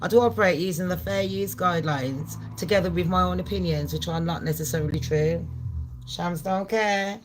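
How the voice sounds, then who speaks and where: A middle-aged woman from Jamaica, hosting a brash, profane live-stream chat that swings loud and animated. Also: fairly low pitch, moderate pace, noisy background. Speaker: channel host.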